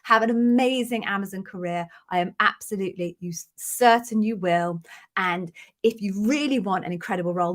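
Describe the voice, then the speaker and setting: A British woman, middle-aged, hosting a live-stream question and answer session as an interview coach, chatty and effusive as she greets viewers by name. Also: mid-range voice. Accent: British English. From Britain.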